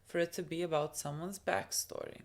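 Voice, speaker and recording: A woman's voice: lowish voice, brisk. A woman co-hosting a reaction show, chatting casually and telling stories with lots of laughter. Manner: chatty, animated storyteller who laughs often. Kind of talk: casual chat reacting to an anime episode.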